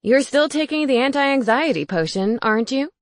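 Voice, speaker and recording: A woman's voice: high voice, animated, moderate pace, no echo, clean studio sound, voice pushed up. A woman voicing a bossy, snooping male ghost housemate who teases and gets indignant. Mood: teasing, loud. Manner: teasing, indignant.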